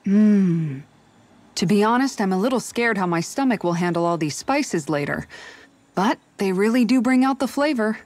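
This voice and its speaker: An actress voicing a calm, caring young woman and older sister who speaks thoughtfully, in a video game. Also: mid-range voice, normal speed, no echo, lightly acted. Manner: gentle, thoughtful, soft-spoken.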